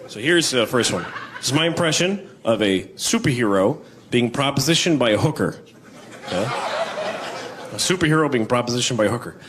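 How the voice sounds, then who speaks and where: This stand-up comedian has a medium-pitched, fairly bright voice and speaks expressively and a little quickly, though his humor stays dry and wry. He's performing before a live audience in a comedy club, captured in a live recording with crowd noise.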